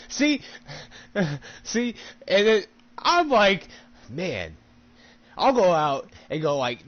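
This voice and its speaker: A man chatting casually while gaming, animated and profane, laughing often. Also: on the high side, breathy edge, dull audio.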